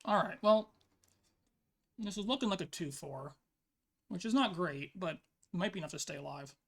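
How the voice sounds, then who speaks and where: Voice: medium pitch, animated, moderate pace. A player thinking aloud in casual commentary over their own online card game match, peppering speech with "like". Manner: thinks aloud, frequent "like" fillers.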